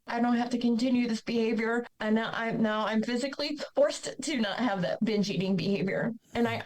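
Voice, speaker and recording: A woman's voice: a little high, a little mellow, rough recording. Podcast guest, woman from Ohio, young adult, candid storyteller who acts out remembered conversations. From Ohio, USA. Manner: earnest, acts out quoted dialogue.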